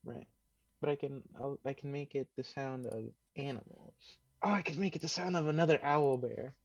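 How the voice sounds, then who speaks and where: A man's voice: mid-range voice, moderate pace, no room sound. A man playing a tabletop game, asking about the rules and thinking aloud. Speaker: player. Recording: dull lo-fi mic.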